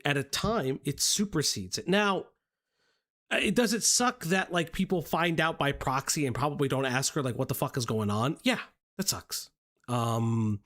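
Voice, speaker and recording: A man hosting a commentary show in casual talk, halting, with many ums and restarts. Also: a little high, a bit bright.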